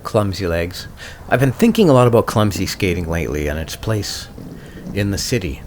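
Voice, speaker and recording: Low-voiced man musing casually. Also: normal speed, a little hiss or hum. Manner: relaxed, musing, self-mocking. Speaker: podcast host and skater. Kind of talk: casual solo podcast talk.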